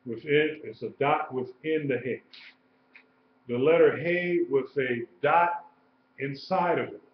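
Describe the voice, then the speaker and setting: A man teaching a live-streamed lesson, explaining slowly and repeating key points. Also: mid-range voice, slight background noise. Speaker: Hebrew teacher. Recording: echoey room, dull lo-fi sound.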